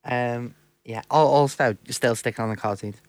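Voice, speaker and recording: Young man, podcast co-host, casual chat, laughs easily, mid-pitched voice, dry close mic. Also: moderate pace, darkish tone, no room sound. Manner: chatty, laughs along, repeats words when starting.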